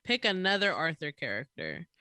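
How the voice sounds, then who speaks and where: A young woman co-hosting a casual podcast chat, playful and teasing, quick to laugh. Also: deep voice, big pitch swings, sharp tone, dry recording, clean studio sound. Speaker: podcast co-host.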